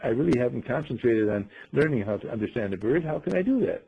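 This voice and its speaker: A man putting on the voice of a startled, chatty woman in a told story, sounding excited and full of wonder. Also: medium pitch, fast talker, gravelly, husky, narrow, tinny audio. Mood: astonished.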